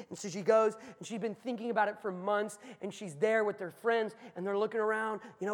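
High-voiced preacher in a reverberant hall. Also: male voice, steady tone, fast, hardly any pauses. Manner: storytelling, swings from hushed to shouting. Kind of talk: sermon.

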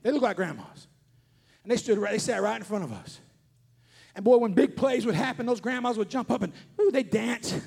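A man, preaching a fervent sermon as pastor, shouting his points and mixing in joking asides. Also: high voice, lively intonation, a little fast, creaky, husky. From Kentucky. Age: 40s.

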